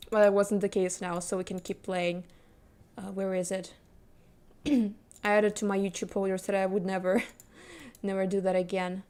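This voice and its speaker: A woman's voice: mid-range voice, a little mellow. Giggly woman streamer chatting casually. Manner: giggly and rambling, laughs often. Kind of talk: casual chat with viewers during a game stream.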